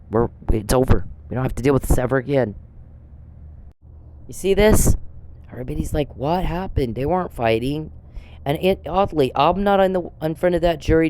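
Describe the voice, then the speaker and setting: A woman with a very deep, dark-toned voice hosts her own channel, launching into an angry, profane rant aimed squarely at the person she blames and repeating the same insults over and over. The recording is rough, with a slight hiss or hum.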